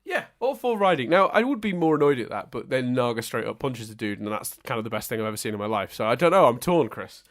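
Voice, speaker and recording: A man co-hosting a casual podcast chat, his voice swinging widely in pitch as he rants. He sits at a middling pitch, self-mocking and quick to laugh at his own gripes. His runs all through the conversation. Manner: animated, self-mocking, ranting. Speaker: podcast co-host.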